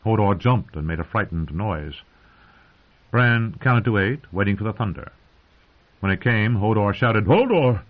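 A man narrating a fantasy audiobook in a dramatic, expressive reading. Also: on the low side, unhurried, pauses often. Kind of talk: scripted narration. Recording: dull lo-fi audio.

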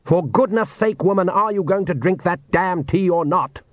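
A haughty vampire count, imperious and quick to anger, as a man puts him on in an audiobook. The voice sits much higher than the reader's own and comes a little louder. The audio is dry and dull. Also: dry recording, lightly acted. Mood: exasperated. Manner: imperious, exasperated.

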